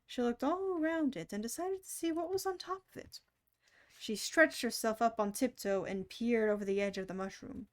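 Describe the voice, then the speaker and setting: A woman reading a children's book aloud on a stream in an expressive, animated way. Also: a little high, moderate pace. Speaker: storyteller.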